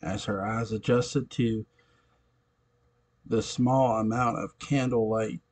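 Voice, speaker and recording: Slow, halting male story reader. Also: fairly low pitch, fairly even intonation, a little mellow. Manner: slow, halting reading with self-corrections. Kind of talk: reading a fan story aloud.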